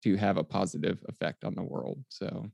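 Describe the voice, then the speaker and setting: A middle-aged man hosting a casual conversation, gentle and reflective, affirming his guest. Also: deep voice, steady tone, moderate pace, creaky, no echo.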